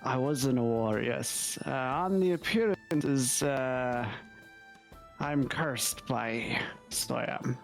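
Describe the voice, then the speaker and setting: A man's voice: medium pitch, slow, vocal fry, faint music behind. Man putting on an old elf with a shifting Irish-British accent. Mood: musing. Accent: mixed Irish-British put-on accent. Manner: musing, tags phrases with "so it was". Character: old elf war veteran man, wandering.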